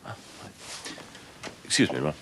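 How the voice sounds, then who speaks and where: An actor playing a polite, measured businessman in a soap opera. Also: background noise, lightly acted.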